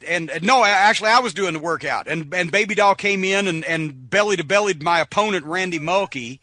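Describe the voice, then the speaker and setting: A middle-aged man, a former wrestler and podcast guest, telling stories in a casual, animated, profane way and acting out the voices of the people in them. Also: high-pitched, brisk, no echo. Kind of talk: casual storytelling. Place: podcast studio.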